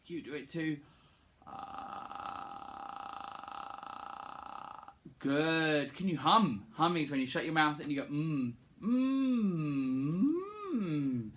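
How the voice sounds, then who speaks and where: A music teacher leading young children through a playful singing warm-up, encouraging them and demonstrating the sounds to copy. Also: medium pitch, a little fast, few pauses, a little hiss or hum.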